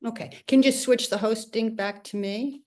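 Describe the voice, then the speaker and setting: A woman moderating a video-call discussion, animated and searching for words as she wraps up and opens the floor to questions. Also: fairly high pitch, normal speed. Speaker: host and moderator. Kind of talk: conversational interview on a video call.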